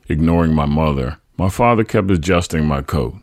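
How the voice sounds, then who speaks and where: Male memoir narrator; very low, husky, dry and close. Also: moderate pace, no echo. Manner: tender, reflective storytelling. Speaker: podcast host. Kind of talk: memoir reading.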